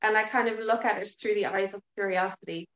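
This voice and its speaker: A woman talking as a podcast guest in casual interview chat, frank and lively, swearing now and then. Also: mid-range voice, quick pace, roomy sound, dull audio. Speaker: podcast guest, yoga teacher.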